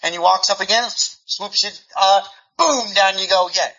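A man preaches a sermon in a bright, forward voice, often repeating words as he restarts his thoughts. He slips into lively acted-out dialogue to make his points, and the recording sounds dull and lo-fi. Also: high-pitched, moderate pace.

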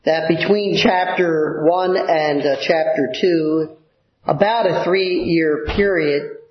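Man preaching, fairly high voice, very slow deliberate delivery, echoey room, dull lo-fi recording. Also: slight background noise. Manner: slow, deliberate teaching with pauses and fillers. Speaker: pastor. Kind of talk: sermon.

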